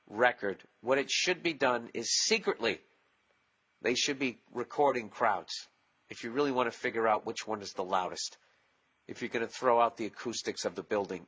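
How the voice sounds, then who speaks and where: This recording sounds muffled: a husky, lowish-voiced man in his forties with a Boston accent, hosting his podcast solo and ranting comically with plenty of profanity and sarcasm, spiking in volume as he mocks people.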